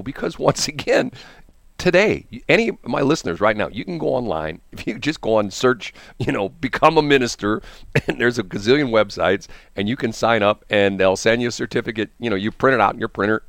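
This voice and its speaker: A man's voice: mid-range voice, creaky, no room sound, studio quality. A man hosting a radio morning show, telling a rambling story on air and acting out the people in it. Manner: animated, acts out quoted people. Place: radio studio.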